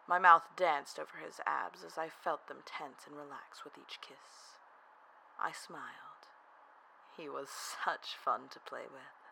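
Slow, gravelly, half-whispered storyteller. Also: mid-range voice, a little hiss or hum, rough recording. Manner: soft, half-whispered, breathy delivery. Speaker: narrator. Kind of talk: first-person erotic audio story.

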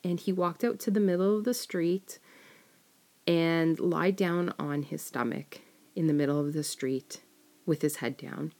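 A woman's voice: low-pitched, measured pace, darkish tone. A woman casually telling a personal story, rambling with many fillers and self-corrections. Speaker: storyteller sharing a personal experience.

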